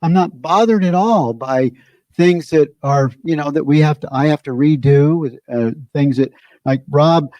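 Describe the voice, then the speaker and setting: Man, spiritual teacher, slightly high and warm, dry close sound, searching conversational delivery. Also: measured pace, dry recording, highs cut off. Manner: conversational, searching, circles back on phrases. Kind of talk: informal spiritual teaching talk.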